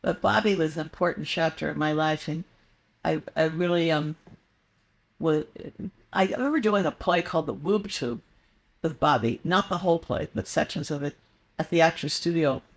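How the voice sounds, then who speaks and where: A woman's voice: low voice, moderate pace, vocal fry. Older woman telling rambling stories. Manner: rambling, meandering anecdotes with many fillers and restarts. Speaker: guest. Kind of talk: casual interview storytelling.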